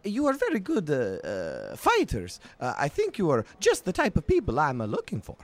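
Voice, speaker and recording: A man's voice: on the high side, wildly swooping pitch, moderate pace, pitched above the performer's own voice. A man voicing a short, flustered male writer who stammers and fusses, with filler sounds between words. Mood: flustered eager. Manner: stammering, fussy.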